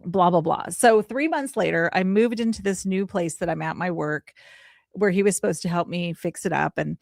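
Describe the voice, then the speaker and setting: A woman in her forties, a podcast guest, telling a heartfelt personal story in an animated way, acting out the voices she quotes. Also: lowish voice, moderate pace, vocal fry, no echo, studio quality. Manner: animated, acts out quoted voices, laughs often.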